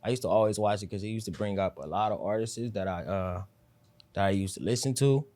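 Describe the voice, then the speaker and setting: A man being interviewed as a rapper, talking low and mellow, almost whispering, in a loose, laid-back way full of slang and fillers. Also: fast talker. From South Central Los Angeles. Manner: loose slang-heavy talk with frequent fillers. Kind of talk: casual interview chat.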